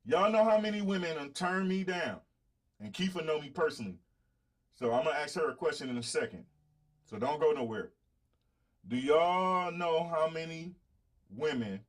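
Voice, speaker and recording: A middle-aged man with a Southern drawl talks straight to his viewers, boastful and confrontational, swearing freely. His voice sits a little high for a man. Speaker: podcast host. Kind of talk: blunt casual monologue to viewers.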